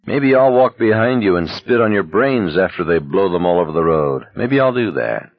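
A man voicing a troubled, worn-down young man who talks quietly and sardonically. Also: low-pitched, expressive, moderate pace, narrow, tinny audio. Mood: cruel.

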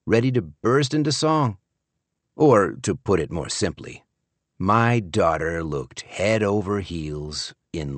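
Male narrator, scripted audiobook reading, low voice, animated delivery, dry close sound. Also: dry recording.

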